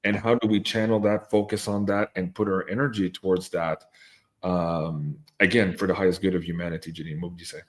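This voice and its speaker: A man with a fairly low voice hosts a relaxed interview. He talks in an animated, chatty way, laughing often and filling pauses with ums. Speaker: host. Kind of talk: casual interview chat.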